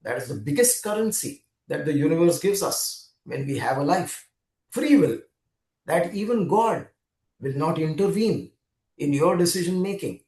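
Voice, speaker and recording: A man's voice: fairly high pitch, sing-song, moderate pace, darkish tone. A man giving an earnest spiritual talk, speaking directly to the listener in a storytelling manner. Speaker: spiritual speaker and regression therapist. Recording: roomy echo.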